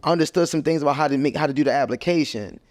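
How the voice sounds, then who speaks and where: A man's voice: a little high, very fast, dry recording. A man from Baltimore, a financial educator, talking as a guest in casual podcast chat, easygoing and full of "like" and "yo". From Baltimore, USA. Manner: relaxed, agreeable, fills with "like" and "yo".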